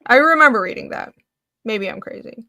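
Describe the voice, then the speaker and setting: Woman co-host, lively and quick, laughs between points; fairly high voice. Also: dry recording. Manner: animated, laughing, quick asides. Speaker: podcast co-host. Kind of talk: casual chat.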